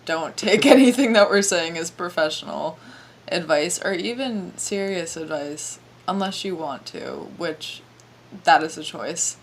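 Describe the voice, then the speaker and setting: Low, gravelly young woman co-hosting a chat. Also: expressive, unhurried, slight background noise. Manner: laid-back, giggly, trails off with fillers. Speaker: podcast co-host. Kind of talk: casual chat.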